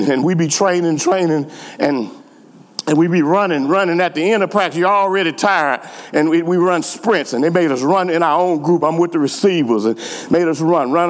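A middle-aged man, preaching a sermon and telling a story with emphatic repetition. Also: fairly high pitch. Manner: animated, repeats words, emphatic. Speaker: pastor. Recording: echoey hall.

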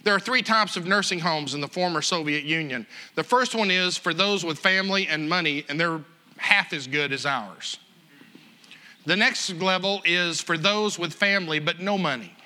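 A man telling a story in a sermon, animated and chuckling as he acts out the other people. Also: high-pitched, normal speed.

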